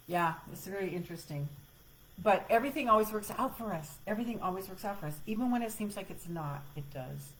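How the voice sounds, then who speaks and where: A woman's voice: mid-range voice, lively intonation, fast talker, poor audio. A middle-aged woman hosting a live self-help show, rambling casually through a personal story with laughs and the odd swear word. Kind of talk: rambling casual chat with viewers.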